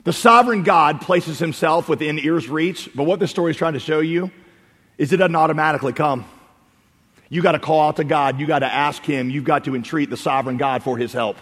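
A man preaching a sermon as pastor, animated, swinging from loud calls to quiet asides. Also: a little high, a little fast, husky. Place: church sanctuary. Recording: preaching in a reverberant hall.

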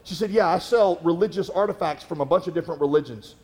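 High-voiced pastor preaching in a reverberant hall. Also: male voice, darkish tone. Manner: conversational, halting with fillers and restarts. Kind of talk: sermon with storytelling.

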